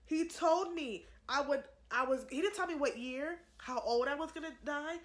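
Speaking at a moderate pace in a high-pitched voice, a young woman shares a heartfelt religious testimony on camera. Addressing her audience as "y'all," she begs them earnestly and says things more than once to drive them home.

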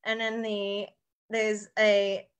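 A woman's voice: medium pitch, monotone, extremely slow, clear, resonant tone. A woman co-hosting a podcast, chatting casually with many fillers and frequent laughs. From United States. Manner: laughs often, loose with fillers. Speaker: podcast co-host. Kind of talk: casual chat.

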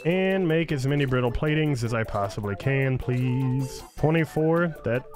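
Gaming YouTuber, male, teasing banter, lively swooping delivery. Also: medium pitch, measured pace. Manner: playful, teasing the game's creatures. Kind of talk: let's play commentary. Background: game music.

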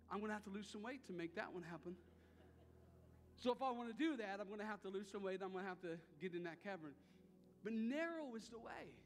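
A man's voice: very high-pitched, a bit bright, in a large hall. A man preaching a sermon as pastor, talking in a conversational way and repeating phrases for emphasis. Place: church sanctuary.

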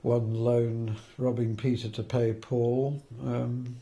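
A man's voice: mid-range voice, flat delivery, takes it slowly, warm tone. An older man, a film editor, telling anecdotes in an interview, hesitant with fillers and restarts and the odd chuckle.

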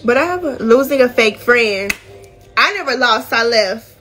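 A woman's voice: fairly high pitch, expressive, normal speed, a bit bright. Chatty teen girl vlogging over music. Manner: chatty and candid, uses southern US slang like y'all and finna. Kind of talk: casual chat to viewers. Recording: music playing behind the voice.

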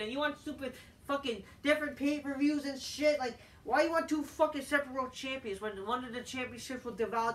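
A man's voice: very high-pitched, pushed and bright. A man giving a casual solo review of a wrestling show, ranting and swearing a lot and repeating his points. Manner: profane, ranting, repeats himself. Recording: echoey room, distant mic, faint noise.

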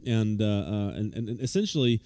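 A man preaching a conversational sermon at a church service, informal, with many restarts and fillers, growing lively when he retells a story. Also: fairly low pitch, brisk, no room sound, studio quality. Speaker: pastor.

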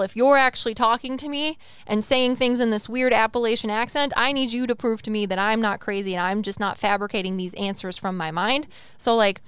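On a casual podcast she co-hosts as a psychic medium, this young woman talks in an animated, meandering way, swearing freely and acting out quotes in assorted voices. Her voice sits mid-range with a clean tone, and the recording is dry.

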